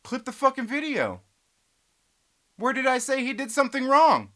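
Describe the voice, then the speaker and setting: Profane bright-voiced man ranting on stream. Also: very high voice, sing-song, moderate pace. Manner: profane, laughing, reading chat aloud. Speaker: live stream host. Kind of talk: casual live stream rant.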